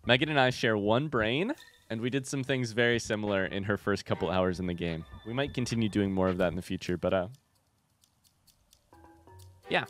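A man's voice: lowish voice, moderate pace, pauses often, a bit bright, faint music behind. A man hosting a casual let's-play video, chatting animatedly and talking back to the creatures in the game. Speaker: gaming video host.

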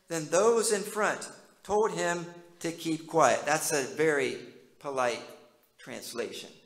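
A man's voice: medium pitch, gravelly, a bit bright, reverberant, poor audio. A male pastor preaching a sermon in a conversational way, often asking his listeners questions.

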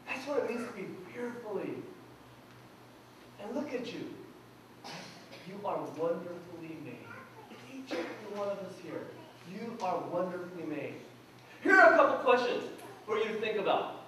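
A man with a notably high voice preaches in a relaxed, conversational way, putting questions to his congregation. He is picked up from a distance in a church hall full of echo, with faint room noise behind him. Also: moderate pace, long pauses. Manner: humorous personal anecdotes. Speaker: pastor. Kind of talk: sermon. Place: church sanctuary. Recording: echoey church hall from far off.

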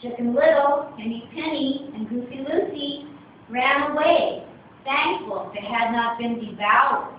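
Woman reading a funny fable out loud, slow n expressive, super echoey far-off phone recording. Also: high voice, a little hiss or hum. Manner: expressive, wry storytelling. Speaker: speech contest reader. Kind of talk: dramatic storybook reading. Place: club meeting room. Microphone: distant phone camera. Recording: echoey room from far, dull lo-fi.

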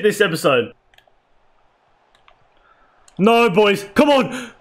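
A young man with a fairly high voice talks through his football video game match. He shouts at players, swears freely and keeps calling the viewers "boys". His talk jumps between calm play-by-play and loud yelling. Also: slow pace, long pauses. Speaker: gaming YouTuber. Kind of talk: excited gameplay commentary.

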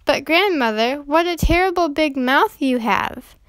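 A woman's voice: high-pitched, lively intonation, unhurried, fairly bright tone, no echo. A woman reading aloud, voicing a polite little girl in a storybook. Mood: wondering. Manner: polite, earnest.

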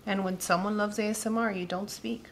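A woman's voice: mid-range voice, steady tone, brisk, slight background noise. A woman hosting a casual cooking demonstration in a home kitchen, chatting directly to her viewers. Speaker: cooking vlog host.

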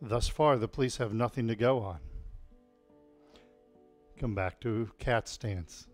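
Slow-paced man cueing tai chi. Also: mid-range voice, faint music behind. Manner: calm cueing of movements mixed with deadpan puns. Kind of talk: live-streamed exercise class with jokes. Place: home, alone without a live audience.

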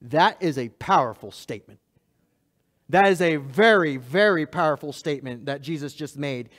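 A man preaching a sermon as pastor of a church, emphatic and repetitive, swinging between loud and hushed lines and speaking straight to the congregation. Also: fairly high pitch, normal speed. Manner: laughs at himself, talks to the congregation directly.

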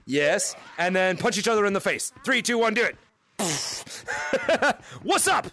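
An excitable male streamer with a high, bright voice that leaps all over the place as he greets fans in a virtual game lobby. He laughs often and trips over quick restarts, chatting into a VR headset mic. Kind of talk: excited live gaming chat.

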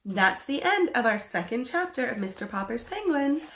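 Animated woman reading a children's story. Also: fairly high pitch, moderate pace. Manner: animated, expressive. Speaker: drama teacher reading aloud. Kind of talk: storybook read-aloud for children. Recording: echoey room.

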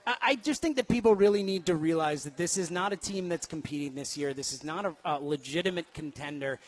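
A man, a guest on a sports radio show, eagerly agreeing and talking sports. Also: on the high side. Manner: eager, agreeable, quick talker. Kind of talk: casual sports radio chat.

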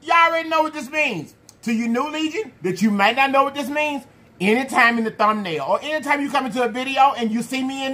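A man hosting a food challenge vlog, talking to viewers in an animated, playful way with slang and drawn-out hype calls. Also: very high voice. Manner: slang-heavy, addresses viewers as y'all. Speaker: mukbang channel host. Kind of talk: casual vlog talk to viewers.

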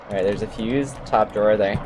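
A man giving goofy, excitable commentary while playing a horror video game, yelping at the scares. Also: lowish voice, a little fast, background noise. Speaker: let's play gamer. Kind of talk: casual gaming commentary.

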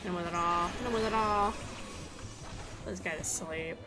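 A young woman streaming a game, bubbly and excitable, chatting with her viewers while she plays. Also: fairly low pitch, moderate pace, over music. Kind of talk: casual live-stream game chat.

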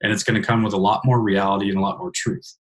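A male podcast host with a somewhat low voice speaks in casual interview chat. He is earnest and frank, and casual swearing is part of his manner. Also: flat delivery, quick pace.

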